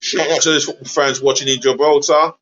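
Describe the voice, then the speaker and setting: A man hosting a live football watch-along stream, chatty and easily exasperated, giving viewers shout-outs. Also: fairly high pitch, steady tone, fairly quick, lo-fi sound.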